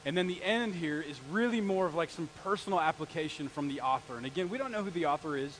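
A man in his forties, a pastor preaching a sermon in a conversational, animated way, with stories and asides. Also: a little high, fast, slight background noise, rough recording. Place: church sanctuary.

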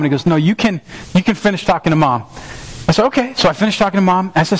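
A man in his thirties preaches from a church stage in an earnest, conversational way. He often restarts and repeats phrases as he talks. His voice sits a little above the usual male pitch. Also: lively intonation, fairly quick, poor audio. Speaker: pastor. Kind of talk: sermon with personal story. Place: church sanctuary.

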